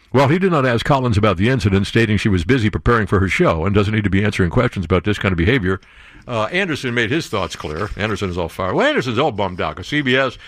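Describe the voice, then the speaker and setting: A man's voice: mid-range voice, no room sound, clean studio sound. A man hosting a commentary show, reading news stories aloud and breaking in with sarcastic asides and jokes.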